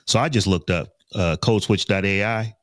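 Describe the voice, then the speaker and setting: A man's voice: on the low side, moderate pace, no echo. Laid-back man on a dry close mic. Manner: relaxed, playful, takes ideas to extremes. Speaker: podcast co-host. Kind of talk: casual podcast discussion.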